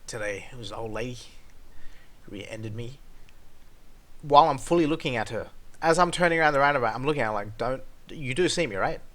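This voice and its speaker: A man telling a story as a vlogger, swearing a lot and swinging between loud outbursts and low mutters. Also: quick pace. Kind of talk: casual storytelling rant.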